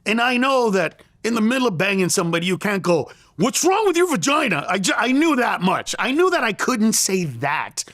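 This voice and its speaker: A man's voice: high-pitched, sing-song, brisk, hardly any pauses, fairly bright tone, no room sound. A middle-aged man, a comedian, telling a story in conversation and acting out the lines he quotes. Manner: acts out quoted lines in raised voice, laughs through story. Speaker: comedian guest.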